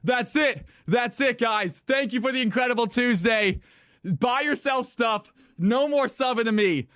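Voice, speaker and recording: A man hosting a live stream of viewer games, hyping up his chat with excitable shouting and cheering. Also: extremely high pitch, a little slow, clear, resonant tone, no room sound, clean studio sound. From California. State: out of breath. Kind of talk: live-stream hype commentary.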